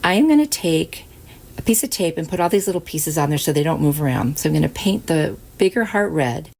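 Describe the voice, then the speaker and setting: A woman's voice: low voice, expressive, fairly quick, gravelly, darkish tone. A woman hosting a craft channel, chatting through each step of a project in a casual, upbeat way. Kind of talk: casual craft tutorial narration.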